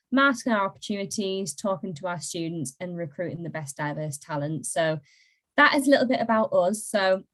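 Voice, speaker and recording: A woman's voice: medium pitch, rough recording. A young woman presents as a recruitment marketer in a bubbly, self-mocking, casual style.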